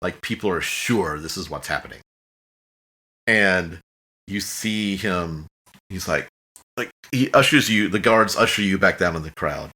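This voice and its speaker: A man's voice: low voice, animated, a little slow, bright, forceful tone. A man narrating a tabletop game as game master in a casual, rambling way, slipping into brief character voices.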